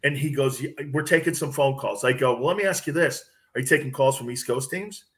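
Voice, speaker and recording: A man's voice: mid-range voice, a little fast. A man talking sports as a radio host guest, telling stories animatedly and acting out what others said. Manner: animated, acts out quotes from others. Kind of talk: casual sports talk storytelling.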